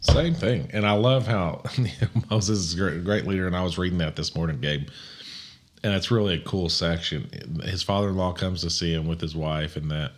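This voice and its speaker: Man, pastor, very deep voice, excitable casual chat. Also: normal speed. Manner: animated, rises in pitch when excited. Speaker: pastor and podcast co-host.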